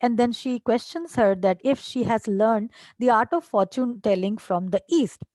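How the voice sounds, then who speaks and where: A female English teacher explains a play to her class one line at a time, reading first and then clarifying, occasionally in Hindi. She speaks at a moderate pace in a slightly high, slightly mellow voice, with fillers and tag questions, and there's no room sound.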